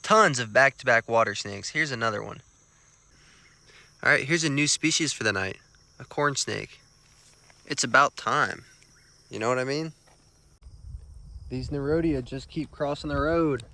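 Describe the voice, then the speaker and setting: Young male outdoor vlogger, bright-toned, mid pitch, excitable and slangy, crickets behind. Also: measured pace, pauses often. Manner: excited, chatty, self-mocking, slangy. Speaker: field herper vlogger. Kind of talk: casual vlog narration on the road. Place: outdoors on a rural road at night.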